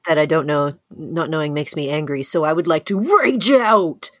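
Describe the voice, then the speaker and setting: A woman's voice: low voice, level tone, fast talker, dry recording, studio quality. A woman playing in a tabletop game, playful and hesitant, with swooping fillers. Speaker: player. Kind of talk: casual tabletop game play.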